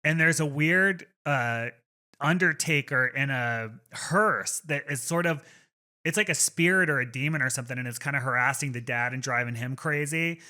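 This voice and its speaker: A man co-hosting a podcast, chatting casually and retelling a film's plot in animated detail, with casual swearing. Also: mid-range voice, moderate pace. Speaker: podcast co-host. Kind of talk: casual chat.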